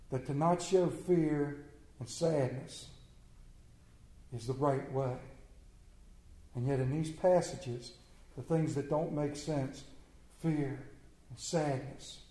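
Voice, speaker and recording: A man with a fairly high yet mellow voice preaches a sermon, emphatic and folksy, leaning on rhetorical questions and repeated phrases. His voice rings through an echoey church room. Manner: folksy, plain-spoken asides.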